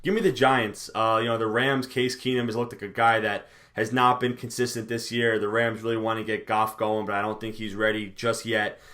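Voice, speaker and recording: A man co-hosting a casual sports talk show, relaxed and joking, often repeating his phrases. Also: fairly low pitch, brisk, hardly any pauses. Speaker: co-host.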